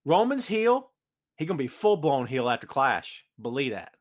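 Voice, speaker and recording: With a medium-pitched voice and moderate pace, a man hosts a live-streamed solo wrestling podcast. He rants in an animated way, builds hype for his predictions, and reads out comments from the chat.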